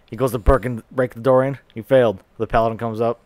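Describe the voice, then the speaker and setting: A man's voice: medium pitch, fairly even intonation, fast, a little mellow, no echo. A man co-hosting a casual podcast, joking and retelling stories with animation. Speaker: podcast co-host.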